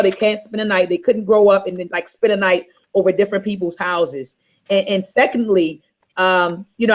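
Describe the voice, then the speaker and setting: Earnest middle-aged woman sharing candidly. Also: medium pitch. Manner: candid, earnest, softly emotional. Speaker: panel host. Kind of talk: personal storytelling in panel chat.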